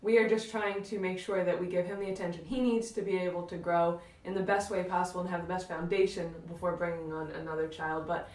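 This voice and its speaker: A woman's voice: on the low side, steady tone, fast, few pauses, a little mellow, distant mic. A bubbly young woman co-hosting a family vlog in casual chat, with a lot of "like" fillers. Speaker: vlog co-host. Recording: roomy sound from off-mic.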